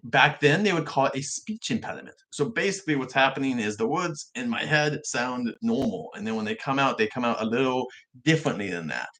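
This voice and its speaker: A young man whose R's come out soft, like W's, chatting casually on a livestream vlog with frequent restarts. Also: medium pitch, lively intonation, a little fast. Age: young adult. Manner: rambling, self-correcting talk with frequent restarts. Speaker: livestream vlogger.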